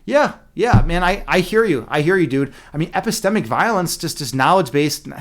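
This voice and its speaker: Animated, profane man telling a story. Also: a little high, a little fast. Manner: profane, animated, many fillers and restarts. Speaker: streamer. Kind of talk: casual storytelling rant.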